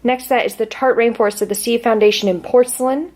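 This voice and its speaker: A woman's voice: on the high side, steady tone, quick pace, darkish tone. A woman reviewing a foundation in a casual beauty vlog, chatty and apologetic, with the hiccups. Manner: chatty, apologetic, reads labels aloud. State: has the hiccups. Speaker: beauty vlogger.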